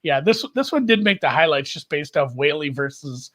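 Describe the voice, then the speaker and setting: A man giving golf betting picks in casual podcast chat, lively and joking at his own expense. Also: fairly high pitch, normal speed. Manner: lively, joking, self-deprecating.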